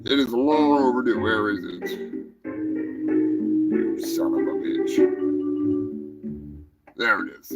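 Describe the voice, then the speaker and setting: A man hosts a live show in a loose, crude, joking way, swearing freely and shouting now and then. His voice sits high and has a gravelly edge, and music plays clearly behind him. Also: rough recording. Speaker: host. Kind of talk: casual live-stream chat. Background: music playing.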